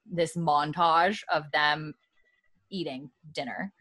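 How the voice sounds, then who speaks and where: Woman on a podcast, a bit low-pitched, chatty, laughing, doing little voices as she retells a scene. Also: takes it slowly. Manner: animated storyteller, acts out characters' lines, laughs often. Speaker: podcast co-host recapping a TV episode. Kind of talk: casual chat.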